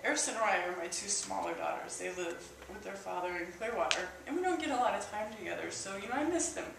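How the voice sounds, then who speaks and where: Woman, mid-pitched, emotional halting testimony, recorded from afar in a very echoey hall. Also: expressive, vocal fry. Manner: halting and emotional, with frequent restarts and fillers. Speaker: church member sharing a personal testimony. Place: church hall. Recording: echoey hall, distant mic, faint hiss.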